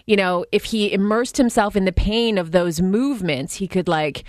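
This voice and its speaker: A woman's voice: mid-range voice, normal speed, darkish tone, no room sound, clean studio sound. A woman co-hosting a radio show, chatty and laughing often as she talks. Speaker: radio co-host. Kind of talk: casual radio chat.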